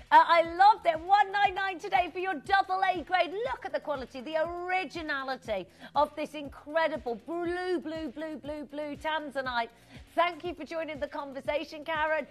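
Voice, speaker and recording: A woman hosting a live shopping channel, her voice pitched a little high. She gushes with exclamations and chats warmly with viewers as she sells gems. Faint music plays underneath. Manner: gushing, exclamatory, chatty with viewers. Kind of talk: live TV jewelry selling.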